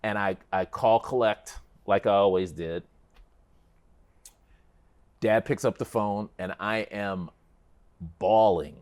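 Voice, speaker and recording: A middle-aged man with a fairly low voice, speaking as a guest in a relaxed chat. He tells his story with animation and a flair for the dramatic, building toward each turn. He sounds easygoing and conversational. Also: slow pace, long pauses, clear, resonant tone.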